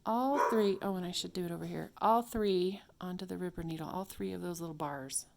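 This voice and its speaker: A woman's voice: on the low side, brisk, vocal fry, background noise. A woman at home giving a casual hands-on tutorial, chatting and thinking aloud as she works. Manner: chatty, talks to herself while working, drops to whispers. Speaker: craft video host. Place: home craft room.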